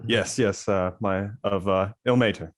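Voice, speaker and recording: A man's voice: lowish voice, steady tone, measured pace. A man playing at a tabletop game, speaking hesitantly with lots of fillers. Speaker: player. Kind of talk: casual tabletop play.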